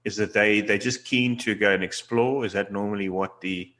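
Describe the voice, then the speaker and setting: A man hosting an interview podcast, asking questions in a halting way with many restarts. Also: fairly low pitch, fairly even intonation, a bit bright. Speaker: podcast host. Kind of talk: casual interview.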